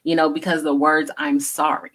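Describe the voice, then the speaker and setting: A woman with a low voice co-hosts a relaxed talk show. She explains things earnestly, often adding "you know" as she goes. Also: moderate pace. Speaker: co-host. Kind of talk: casual talk show chat.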